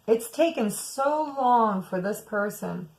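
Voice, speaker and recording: A woman's voice: on the high side, lively intonation, takes it slowly, vocal fry, a little mellow, rough recording. A woman giving a weekly tarot reading, musing aloud and speaking to her viewers as "some of you.". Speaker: tarot reader.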